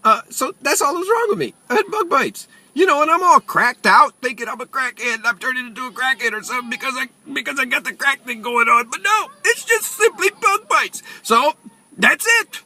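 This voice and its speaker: A man's voice: extremely high pitch, fast talker, hardly any pauses, pushed and bright. An older retired man telling a rambling, self-mocking comic story. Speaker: retiree ranting. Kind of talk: comic monologue.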